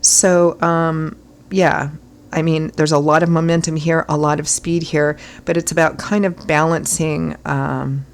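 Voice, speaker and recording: A hoarse woman from Ireland giving a chatty tarot reading, rambling with fillers and clearing her throat often. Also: sits low, level tone, measured pace. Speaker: tarot reader. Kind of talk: casual tarot reading talk.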